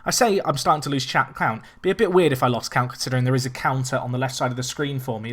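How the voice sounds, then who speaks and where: A young man chatting excitedly as he commentates his own football management game. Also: mid-range voice, fast, few pauses. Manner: excitable, chatty, self-deprecating. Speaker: let's play host.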